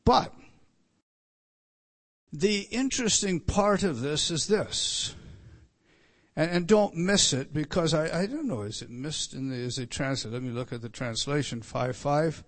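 A man's voice: on the high side, lively intonation, measured pace. A man preaching an expository sermon, emphatic, often repeating himself and restarting sentences. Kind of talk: expository sermon on a Bible passage.

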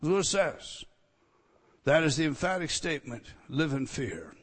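A man preaching a sermon, addressing his listeners directly with rhetorical questions and swinging from loud emphatic declarations to hushed, intense near-whispers. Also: on the high side, lively intonation, moderate pace, long reverb tail. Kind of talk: expository sermon.

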